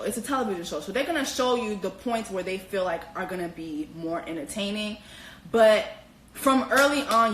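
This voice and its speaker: A woman hosting casual commentary on a reality TV show, animated and slangy, with profanity and squealing high exclamations. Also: echoey room, a little hiss or hum, poor audio. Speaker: host.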